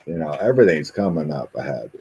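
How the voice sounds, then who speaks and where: A man hosting a casual chat, rambling and animated, with mocking asides. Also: rumbling low, quick pace, vocal fry, slightly rough, highs cut off. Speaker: host. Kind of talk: casual chat with tarot reading.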